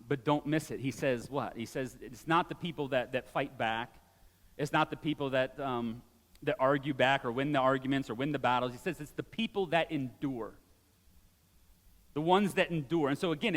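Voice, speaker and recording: A man in his forties preaching a sermon as a pastor, conversational and animated, with frequent asides to the congregation. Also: mid-range voice, moderate pace, in a large hall.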